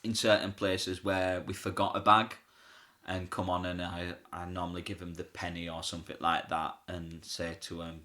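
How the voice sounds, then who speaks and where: This man talks in a bright, forward voice. He tells backstage stories as a pantomime comic in a relaxed interview, chatty and quick to laugh, slipping into the voices of the people he quotes. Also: sits low. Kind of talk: casual storytelling interview.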